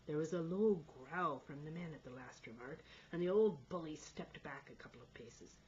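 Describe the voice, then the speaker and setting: A woman's voice: sits low, normal speed, darkish tone, slightly rough, muffled recording. A woman reading a novel aloud as an amateur audiobook, with small stumbles and restarts. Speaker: audiobook reader.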